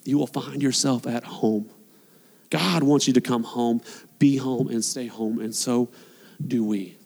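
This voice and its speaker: A man preaching a sermon as a pastor, passionate and swinging between loud appeals and hushed, quiet lines. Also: mid-range voice, fairly even intonation, measured pace, gravelly. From United States. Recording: long hall reverb.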